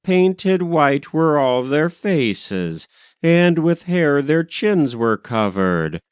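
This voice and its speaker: Guy reading a boastful traveler bragging about wonders, real slow, swingy pitch. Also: very animated, clean tone, dry recording, clean studio sound, exaggerated voice. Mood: boasting.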